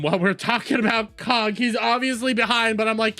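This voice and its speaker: A man hosting a stream, mocking a clip in sarcastic reaction commentary that swings from loud outbursts to low mutters. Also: a little fast, few pauses, no echo, faint music behind.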